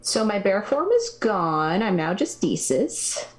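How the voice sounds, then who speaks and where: Slow, relaxed woman at a tabletop game. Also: mid-range voice. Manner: relaxed, counting rolls aloud. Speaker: player. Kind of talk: casual tabletop game play.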